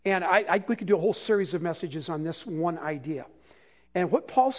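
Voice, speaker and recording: An older man, a pastor, preaching a sermon in an animated, conversational way with humor. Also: sits high. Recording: dull, lo-fi church sermon recording.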